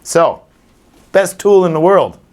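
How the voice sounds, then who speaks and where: A man's voice: sits high, takes it slowly. A man who trains dogs, talking informally to a live audience and acting out scenes with little voices. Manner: animated, acts out scenes with voices. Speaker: dog trainer.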